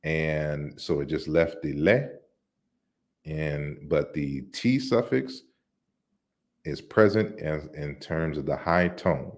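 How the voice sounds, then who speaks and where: A man giving an online lecture on word forms, explaining slides deliberately with frequent restarts. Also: a bass voice, darkish tone. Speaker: lecturer on African languages.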